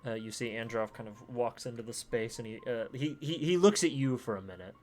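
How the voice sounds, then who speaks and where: A man's voice: medium pitch, a little fast, soft background music. A man narrating a tabletop game as dungeon master, with many fillers and restarts. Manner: filler-heavy, laughing narration.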